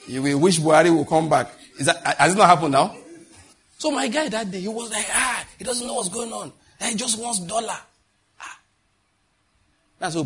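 A middle-aged Nigerian man preaching with animated storytelling and Pidgin asides. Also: a little high, husky. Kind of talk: sermon.

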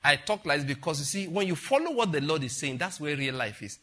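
Older pastor, bright and husky; conversational sermon with many asides. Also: male voice, a little high, sing-song, fast. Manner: conversational preaching with rhetorical questions and asides.

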